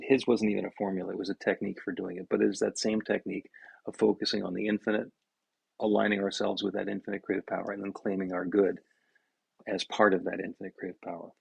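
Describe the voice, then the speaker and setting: A man co-hosting a podcast as a minister, explaining in a halting way and often restarting his words. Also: lowish voice, darkish tone, no echo, poor audio. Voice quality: gravelly, husky.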